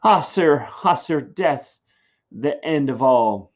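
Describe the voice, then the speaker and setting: A man reading aloud and voicing a fussy, fretful older female nurse in a high, lamenting tone. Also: animated, slow, highs cut off. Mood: mournful.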